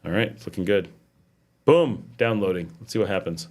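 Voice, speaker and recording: A man's voice: deep voice, animated, moderate pace, a little mellow. A middle-aged man hosting a casual livestream, chatting and reading viewer comments aloud. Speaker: livestream host. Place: home in Nicaragua.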